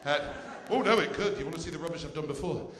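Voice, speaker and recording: Male stand-up with a fairly high, bouncy voice, teasing the front row in a reverberant theatre. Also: fast, crowd noise. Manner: cheeky banter with the audience. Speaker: stand-up comedian. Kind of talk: stand-up comedy. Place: theatre stage. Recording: echoey theatre stage.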